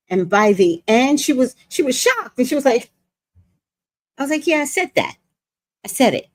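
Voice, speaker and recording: A woman hosting a casual livestream, telling brash, profane stories and chatting with viewers. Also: mid-range voice. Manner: brash, profane, animated storytelling. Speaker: livestream host and reader. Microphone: streaming setup.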